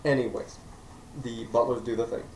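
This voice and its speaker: A man's voice: mid-range voice, flat delivery, normal speed, darkish tone. A man reviewing a movie in a casual, joking way, acting out characters in silly voices. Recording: echoey room, mic at a distance, faint noise.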